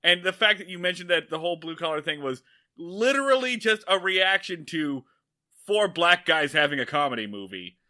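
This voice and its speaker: Lively, very bright-voiced male host. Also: on the high side, normal speed. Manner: animated, joking, casual swearing. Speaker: podcast host. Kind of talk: casual discussion.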